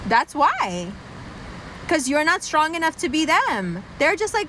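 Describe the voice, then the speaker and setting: A woman podcast host on a brash, profane comedic rant, mocking people and dropping into low put-on voices to quote them. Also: very animated, unhurried, pushed and bright, slight background noise, rough recording.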